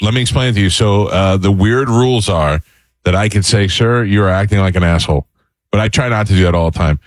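A man hosting a radio talk show, telling stories quickly and acting out the people in them. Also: fairly low pitch, dry recording. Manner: quick, storytelling with acted quotes. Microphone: studio mic.

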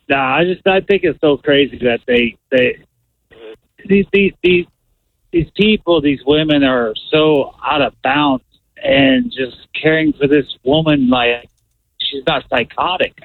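A man's voice: fairly high pitch, a little slow, dry recording. Male caller, tinny phone audio, dry, indignant with stumbling repeats. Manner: excited, repetitive, indignant. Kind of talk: phone-in chat.

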